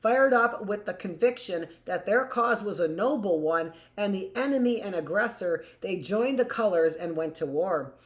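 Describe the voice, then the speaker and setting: Reading aloud from a history book during a live class, this woman teacher keeps stopping for casual asides capped with "right?". She speaks at normal speed with a medium-pitched, expressive voice and hardly any pauses.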